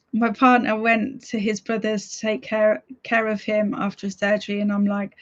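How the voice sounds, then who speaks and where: A woman's voice: on the high side, flat delivery, normal speed, lo-fi sound. Giggly woman chatting on stream. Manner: chatty, giggly, reads viewer comments aloud. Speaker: streamer hosting reading sprints. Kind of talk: casual livestream chat reading comments.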